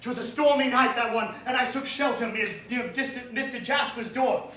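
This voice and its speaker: A young man playing a frantic old-fashioned stage witness with shouted, melodramatic lines. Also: very high voice, moderate pace. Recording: echoey hall, distant mic, noise.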